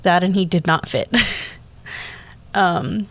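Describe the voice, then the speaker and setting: Young male podcast host, chatty and rambling; tells stories solo with giggly asides and the odd hushed remark. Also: high voice, steady tone, takes it slowly, no echo. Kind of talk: casual solo podcast storytelling.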